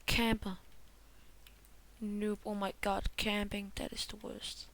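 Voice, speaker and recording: A woman's voice: medium pitch, monotone, slow, vocal fry, fairly bright tone. A woman hosting a gaming video, cursing and repeating herself frantically, often dropping to a mutter. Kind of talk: gameplay commentary.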